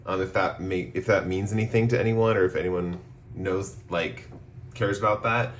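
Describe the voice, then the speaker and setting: A man with a hoarse voice after a cough, giving a relaxed, rambling tarot reading with many pauses and ums. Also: low-pitched, slight background noise. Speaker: tarot reader. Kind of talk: casual pick-a-card tarot reading.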